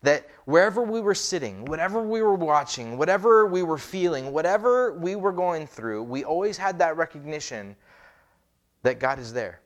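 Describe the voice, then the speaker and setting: A man's voice: fairly high pitch, lively intonation, normal speed. A man, a pastor, preaching a conversational sermon with many rhetorical questions. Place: church.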